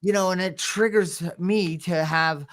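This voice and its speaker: A man co-hosting a podcast, telling rambling personal stories, often chuckling and clearing his throat. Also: high voice, steady tone, a little slow, fairly bright tone. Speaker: podcast co-host. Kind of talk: casual podcast conversation.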